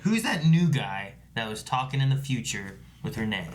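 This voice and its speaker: A man's voice: mid-range voice, sing-song, normal speed. A man co-hosting a casual reaction chat, laid-back and musing as he thinks aloud. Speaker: show co-host.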